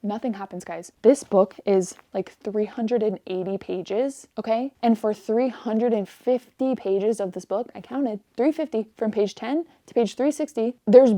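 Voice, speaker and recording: Young woman from the US, book vlogger; warm, mellow tone; animated, exasperated rant, lots of "like". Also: on the high side, measured pace, few pauses, no echo, studio quality. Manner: ranting, exasperated, animated, fillers of "like". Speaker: book reviewer. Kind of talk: casual to-camera chat.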